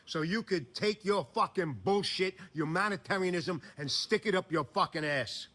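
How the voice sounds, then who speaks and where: Angry ranting man, higher-pitched and sharp, swears constantly. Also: normal speed. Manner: profane, contemptuous. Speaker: clip speaker. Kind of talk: angry political rant.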